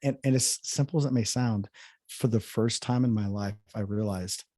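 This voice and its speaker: A man guest in a conversation, telling a personal story in a reflective, relaxed way. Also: fairly low pitch, normal speed, no room sound, clean studio sound. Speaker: podcast guest.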